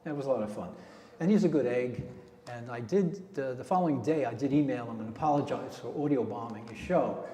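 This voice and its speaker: A man's voice: mid-range voice, a little fast, warm tone. A man leading a radio club meeting, telling a rambling casual story to the members. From New Jersey. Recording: echoey hall with long reverb.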